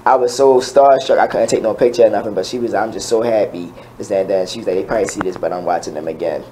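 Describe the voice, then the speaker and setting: A man's voice: lowish voice, steady tone, quick pace, noisy background. A man, a guest performer, telling a long run-on story in an earnest, plain way. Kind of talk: casual storytelling.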